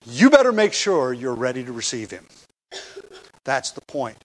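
A man's voice: medium pitch, sing-song, normal speed. A man teaching a Bible passage in a conversational sermon, with restarts and rhetorical questions. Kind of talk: expository sermon.

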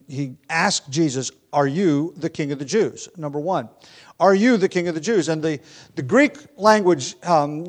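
Relaxed, conversational male Bible teacher. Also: a little high. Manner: relaxed and conversational, with frequent ums and restarts. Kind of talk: Bible study lecture.

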